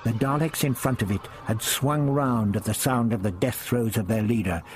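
A man reading a first-person adventure story aloud in a measured, dramatic storytelling manner. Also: mid-range voice, a little hiss or hum. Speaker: audiobook narrator. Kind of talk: scripted first-person narration.

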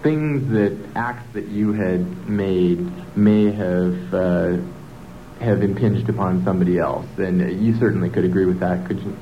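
Male interviewer, very low voice, halting questions full of fillers, old dull tape. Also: fairly even intonation, a little hiss or hum. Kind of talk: recorded interview. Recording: dull lo-fi archive recording.

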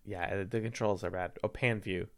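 A man playing in a tabletop game, quick and jokey, often poking fun at himself. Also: low-pitched, fairly even intonation. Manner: quick, jokey, self-mocking. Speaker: player. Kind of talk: tabletop game play over a call.

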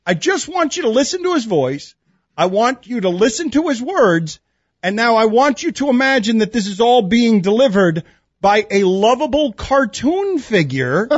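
A man hosting sports talk radio, animated and incredulous, with comic outbursts. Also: very high-pitched, no room sound. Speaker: radio host. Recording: slightly muffled dry studio.

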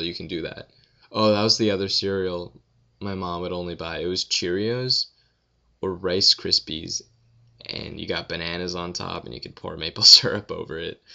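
A young man answers viewer questions in a loose, rambling vlog, sounding tired and unbothered. His voice sits low with a gravelly fry, yet it keeps a bright edge. The recording is dull and lo-fi. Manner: rambling, offhand, swears and yawns, tired. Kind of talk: casual Q&A vlog.

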